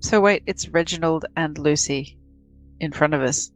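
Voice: medium pitch, normal speed, no echo, faint music behind, rough recording. A playful, mischievous player chatting in a tabletop role-playing game. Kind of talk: casual tabletop role-play.

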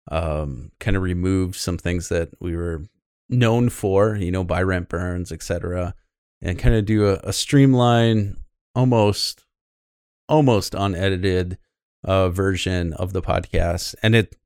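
Full of fillers and false starts, this man's rambling talk comes from his spot as co-host of a laid-back gaming podcast. His voice is deep, a little mellow, clear and resonant, captured in studio quality without echo.

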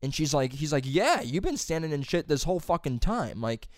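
A man's voice: fairly high pitch, very animated, a little fast, no echo, clean studio sound. A young man telling a rambling, profane work story in casual chat. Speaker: plumber's helper telling a story.

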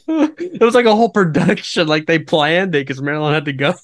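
A man co-hosting a podcast, chiming in with quick jokes and laughing often. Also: a little high, lively intonation, dry recording, clean studio sound. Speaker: podcast co-host. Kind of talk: casual chat.

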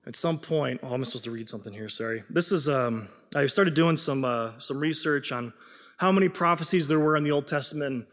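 A man's voice: mid-range voice, fairly quick, a bit bright. A young adult man preaching a sermon in a casual, self-deprecating way, often repeating words as he gets going. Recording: long hall reverb.

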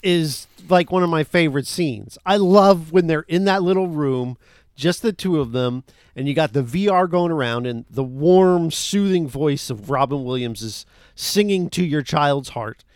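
A man's voice: fairly high pitch, expressive, measured pace, clear, resonant tone, no echo, clean studio sound. A man co-hosting a casual film podcast, talking in an enthusiastic, rambling way with many fillers. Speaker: podcast co-host.

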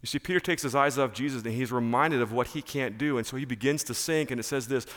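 A male pastor preaching a sermon in church, emphatic and animated, repeating key phrases. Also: mid-range voice, a little fast, few pauses, in a large hall.

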